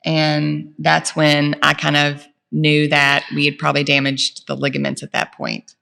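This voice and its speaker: A woman's voice: low voice, monotone, measured pace, creaky, pushed and bright, in a large hall. A middle-aged woman co-hosting a podcast, telling a family story in casual chat with lots of fillers and acted-out quotes. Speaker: podcast co-host.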